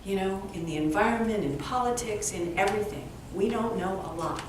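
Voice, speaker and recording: A woman's voice: medium pitch, brisk. A woman author telling humorous stories as a guest at a live event, acting out bits of dialogue. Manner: animated, humorous, acts out dialogue. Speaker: author and speaker, interview guest. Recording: echoey room, distant mic, faint background noise.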